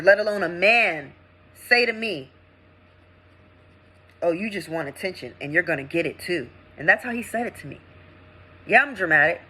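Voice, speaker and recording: A young woman and veteran, ranting with indignation in a vlog, swinging between loud outbursts and low mutters. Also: husky, poor audio. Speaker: veteran vlogger. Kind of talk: impassioned vlog rant.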